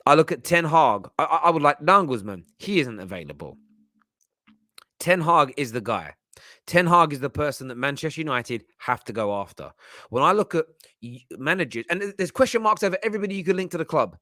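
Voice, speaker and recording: A man's voice: on the high side, sing-song, brisk, bright, forceful tone, dry recording, studio quality. A man hosting football fan commentary, talking in a passionate, emphatic way. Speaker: football channel host.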